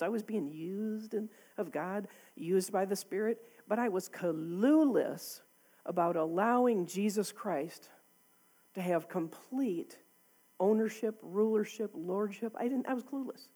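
A woman's voice: mid-range voice, warm tone, slightly rough. A woman preaching a sermon to a congregation in a church, talking candidly and conversationally, often with a laugh.

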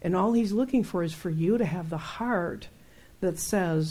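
Middle-aged woman, warm low voice, chatty faith teacher who laughs and acts out stories. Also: moderate pace, husky. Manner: animated, laughs often, acts out her own outbursts. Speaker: Christian teacher. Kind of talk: conversational Bible teaching.

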